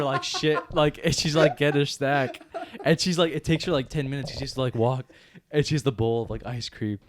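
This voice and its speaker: A man co-hosting a podcast in casual chat, telling stories with frequent laughter and casual swearing. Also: on the high side. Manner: laughs often mid-story, swears casually. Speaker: podcast co-host.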